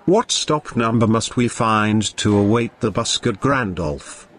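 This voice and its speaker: A man voicing Crazel, a gruff, terse adventurer with a low voice. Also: a little slow, fairly bright tone, slight background noise. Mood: formal.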